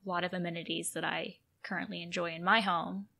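A woman's voice: on the low side, flat delivery, fast, creaky, pushed and bright. Candid, swearing woman podcast co-host. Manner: candid, swearing, laughing storyteller. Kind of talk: casual chat.

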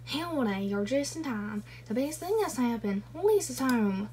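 A woman's voice: on the high side, animated, measured pace, a little mellow, slight background noise. A woman voicing a cheerful young ranch hand, reading his lines in a put-on Southern US drawl. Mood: welcoming. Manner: folksy greeting drawl.

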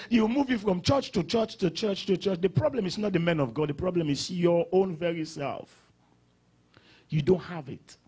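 Husky high-voiced preaching pastor. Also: male voice, lively intonation, a little fast. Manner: preaching with sudden loud rises and drops. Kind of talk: sermon.

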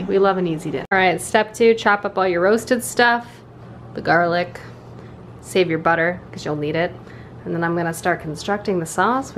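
A young woman talking casually to her camera at home in a chatty, upbeat way, with lots of fillers. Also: medium pitch. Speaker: booktube vlogger. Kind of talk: casual vlog chat. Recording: faint background noise.

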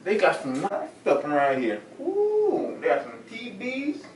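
A young man playing an excitable burglar with a squeaky voice, full of slangy exclamations in a comedy skit. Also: normal speed, a little hiss or hum. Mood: gleeful. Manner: gleeful exclamations, slangy street talk. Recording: roomy and far from the mic.

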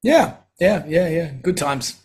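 Male guest, middle-aged, higher-pitched, relaxed raconteur, throat-clearing. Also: slow, poor audio. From Australia. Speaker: guest, singer-songwriter. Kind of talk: casual anecdotal storytelling.

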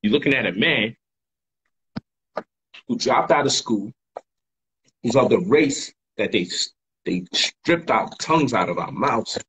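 A man talks straight to his livestream viewers, hammering his points through repetition and street slang. His voice is fairly low and husky. The stream audio is dull and lo-fi. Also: a bit bright. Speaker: livestream host and author. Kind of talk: casual livestream monologue.

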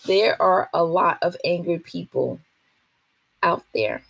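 A woman reading aloud, voicing a gentle, loving mother with a soft, creamy voice. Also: on the low side, animated, slow, vocal fry, slightly rough, dry recording, exaggerated voice. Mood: soothing.

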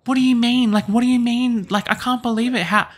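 A man's voice: fairly even intonation, brisk, crowd noise. A man voicing a heartbroken young wife in a life-sim game, crying out in disbelief. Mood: distraught. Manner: high pleading cries.

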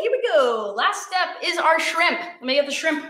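Teary, bright-voiced woman hosting a cooking class. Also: sits high, expressive, moderate pace, few pauses, roomy sound. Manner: chatty, encouraging, talks to viewers while cooking. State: teary and sniffly from cutting onions. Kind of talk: live-streamed cooking class.

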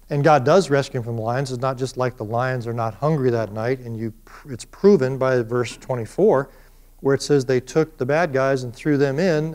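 A man's voice: a little high, clean tone. A middle-aged man giving a classroom lecture, telling stories with energy and acting out the quoted lines. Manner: animated storyteller, acts out quoted speech. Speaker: professor.

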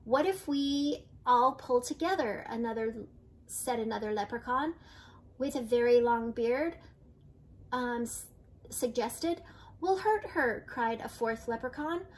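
Taking it slowly, a grandmother reads aloud from a children's picture book, her voice a little high. She's an older woman with a gentle storytelling style who does light character voices.

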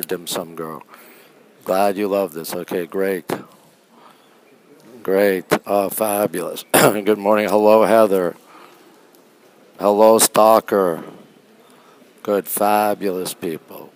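Hushed Canadian man livestreaming. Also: fairly even intonation, slow, long pauses, low-quality recording. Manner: talking low and hushed; greets viewers by name, chatty. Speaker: livestream host. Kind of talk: casual live-stream chat. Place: quiet art museum gallery, indoors.

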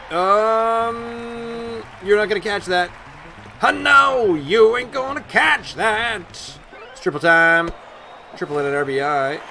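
A man giving chatty, excitable let's-play commentary and talking back at the game as he plays. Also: a little high. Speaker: gaming YouTuber. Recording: loud game crowd and ambient noise behind the voice.

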